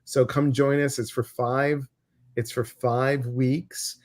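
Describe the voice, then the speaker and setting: A man with a Midwestern American accent hosting a casual livestream chat, talking in an animated way with many fillers and restarts. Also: medium pitch, slow pace. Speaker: host.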